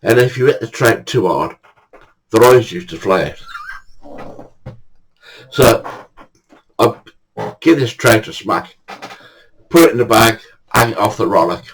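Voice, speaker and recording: Husky older man. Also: fairly low pitch, lively intonation, unhurried, pauses often, low-quality recording. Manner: chatty, swears casually, acts out dialogue. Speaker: storyteller. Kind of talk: casual anecdote telling.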